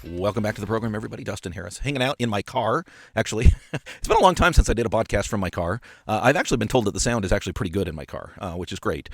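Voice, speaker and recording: A passionate man talking through a casual podcast monologue at a brisk clip, his voice sitting fairly low. He leans hard into his points and often stumbles over repeated words and fillers. The studio mic in his parked car gives a close, dry sound. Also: animated, slightly rough, no room sound. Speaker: podcast host and appraiser coach. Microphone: studio microphone.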